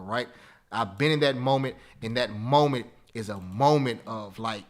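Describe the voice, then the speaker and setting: Animated, bright-voiced man teaching a webinar. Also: mid-range voice. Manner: animated and preachy, with repeated phrases and tag questions. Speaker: webinar host teaching stock options. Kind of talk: live webinar talk, motivational.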